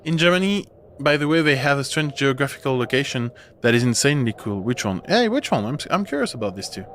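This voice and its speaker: A man's voice: medium pitch, lively intonation, fast, fairly bright tone, slight background noise. A man streaming a horror game, chatting casually in a rambling way and breaking off with laughs. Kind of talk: casual gameplay commentary.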